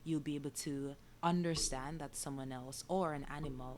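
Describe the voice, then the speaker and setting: Jamaican woman, podcast host, low voice, calm teaching delivery with a faint hiss behind. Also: moderate pace. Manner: calm, explanatory, repeats key phrases. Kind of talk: solo podcast talk on emotions and healing.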